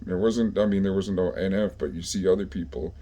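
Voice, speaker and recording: A man with a very low, mellow voice tells stories from his own past in an easygoing way. His talk is rough and profane, and he keeps stopping for fillers as he thinks. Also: steady tone, fairly quick. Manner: profane, laid-back street talk with many fillers. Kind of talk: casual storytelling.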